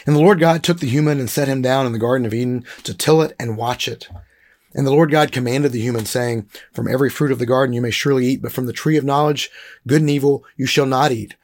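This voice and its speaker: A man teaching a Bible lesson, reading scripture passages slowly and deliberately, then explaining them in a casual way with frequent fillers. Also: medium pitch, a little mellow.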